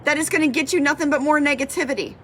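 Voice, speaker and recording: A woman's voice: high voice, very fast, fairly bright tone, a little hiss or hum. A woman fitness coach giving a passionate motivational talk, fired up and repeating her points for emphasis.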